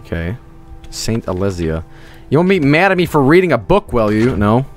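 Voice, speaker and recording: A man's voice: mid-range voice, sing-song, moderate pace. A young man streaming a video game, joking sarcastically and rambling as he plays. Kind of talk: casual game commentary. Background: game audio and music.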